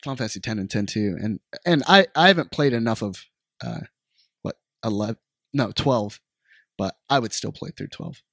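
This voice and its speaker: A man's voice: fairly low pitch, lively intonation, moderate pace, creaky, fairly bright tone, no room sound, studio quality. A man co-hosting a podcast in casual chat, laid-back, laughing often and swearing freely. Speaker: podcast co-host.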